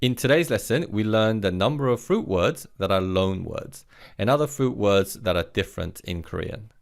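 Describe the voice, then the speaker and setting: A man teaching a recorded vocabulary lesson, leading slow repeat-after-me drills and praising the learner between words. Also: fairly low pitch, expressive, vocal fry. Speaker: language teacher.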